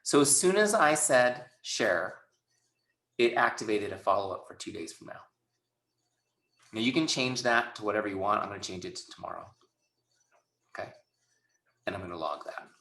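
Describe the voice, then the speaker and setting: A man's voice: on the low side, expressive, normal speed, creaky, long pauses, fairly bright tone, roomy sound. Chatty man training a sales team. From Southern California. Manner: chatty, acts out both sides of conversations. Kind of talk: webinar training talk.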